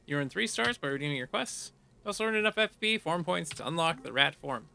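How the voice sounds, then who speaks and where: A man's voice: on the high side, animated, a little fast, vocal fry, sharp tone, slight background noise. A man casually commenting on a game he is playing, reading the on-screen text aloud and adding playful hums and silly sound effects. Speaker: gamer playing through a game. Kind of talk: casual let's play commentary.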